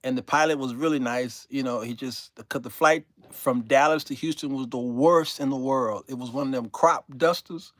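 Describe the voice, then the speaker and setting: An older man hosting his own show, telling a comic story to his viewers in an animated way and laughing through his own punchlines. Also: mid-range voice, moderate pace, hardly any pauses, dry recording. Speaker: show host.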